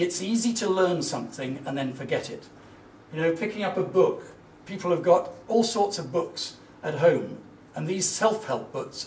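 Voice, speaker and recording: A man's voice: a little high, a little mellow, a little hiss or hum. A middle-aged man giving a motivational business talk, telling stories in an emphatic, earnest way. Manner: anecdotal storytelling, emphatic and earnest. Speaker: business speaker. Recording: echoey room, voice from a distance, faint ambience.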